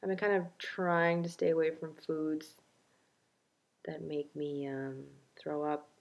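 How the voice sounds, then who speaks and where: Young woman vlogger, slightly low voice, loose chatty self-mocking delivery with plenty of fillers. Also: level tone, slow pace, creaky, lo-fi sound. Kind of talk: casual video diary.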